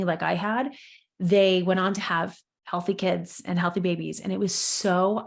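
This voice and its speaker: Candid, emotional woman podcast host. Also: vocal fry. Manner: candid and emotional, lively pitch swings. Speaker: podcast host, business coach. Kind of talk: casual solo podcast talk.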